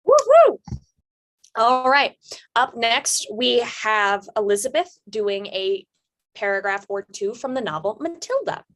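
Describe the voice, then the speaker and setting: A woman's voice: mid-range voice, a little slow, fairly bright tone. A woman hosting a student showcase, cheering and introducing each performer. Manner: upbeat, cheering between acts. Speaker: showcase host. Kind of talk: announcing performers.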